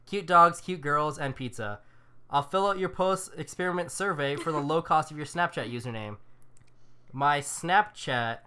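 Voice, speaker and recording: A man's voice: on the high side, moderate pace, pushed and bright, smooth. A man co-hosting a casual podcast, reading out dating-app messages and laughing between lines. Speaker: podcast co-host.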